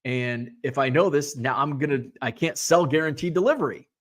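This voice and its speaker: A middle-aged man hosts a relaxed live stream in a fairly high voice. He reads out viewer comments and chats back in an easy, animated way. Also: a little fast. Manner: chatty, animated, reads comments aloud and reacts. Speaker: host.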